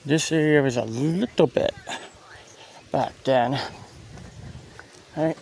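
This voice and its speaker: Slow-talking man walking a town street. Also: medium pitch, gravelly, a little mellow. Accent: Central Pennsylvania. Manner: rambling, restarts often, points things out as he walks. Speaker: local walking-tour vlogger. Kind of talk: casual walking narration. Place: outdoors on a town street with passing cars. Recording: faint street noise outdoors. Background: traffic and street noise.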